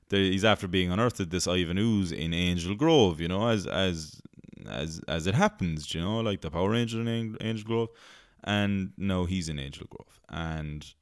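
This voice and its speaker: A man's voice: low-pitched, smooth, no room sound, studio quality. A male podcast host rambling in casual chat, laughing easily and swearing freely.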